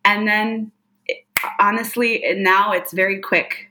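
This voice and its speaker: A woman's voice: mid-range voice, fairly even intonation, measured pace, noisy background. A woman guest, a psychic medium, talking earnestly in a casual interview, with many fillers and laughs.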